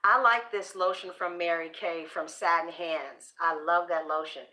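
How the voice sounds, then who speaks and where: A woman's voice: fairly low pitch, steady tone, a little slow, bright, forceful tone. A woman hosting a casual motivational monologue on self-esteem, sassy and preachy, swearing freely and acting out pep talks to herself. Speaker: tarot channel host giving self-esteem talk.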